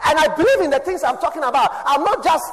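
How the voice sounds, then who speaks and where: A man preaching a sermon, swinging between loud exhortation and quiet asides. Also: expressive, fast talker, long reverb tail, poor audio. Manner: preaching with shifts from shouts to low asides. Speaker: pastor.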